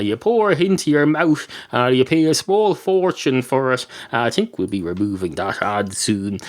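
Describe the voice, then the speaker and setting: A man tells a meandering improvised comic tale on his podcast. His voice swings widely up and down, and he pads every thought with "uh"s and sidetracks. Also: mid-range voice. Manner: meandering, digressive, full of filler "uh"s. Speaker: podcast host. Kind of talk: rambling improvised comic monologue.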